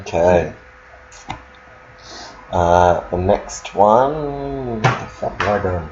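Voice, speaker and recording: A man's voice: low voice, expressive, drawn-out words. A man running a tabletop game as game master, flustered and swearing while he reads out card texts. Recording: dull lo-fi sound, faint noise.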